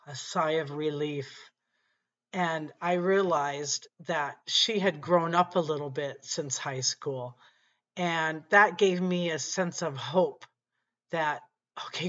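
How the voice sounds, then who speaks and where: A woman vlogger telling a personal story in a casual, unhurried way, often saying "you know" and "like". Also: low voice, a bit bright. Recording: dull lo-fi recording.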